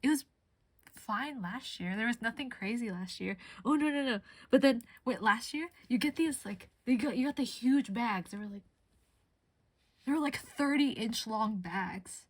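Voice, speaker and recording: A woman's voice: fairly high pitch, normal speed, husky, no room sound. A woman streamer chatting casually while crafting, giggly and laughing often as she tells stories.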